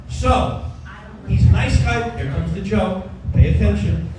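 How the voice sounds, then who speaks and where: A man's voice: high voice, expressive, fast talker. An older man doing a wisecracking, rambling stand-up set and bantering with the audience. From Long Island. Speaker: stand-up comedian. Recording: roomy club sound from a distance, with music.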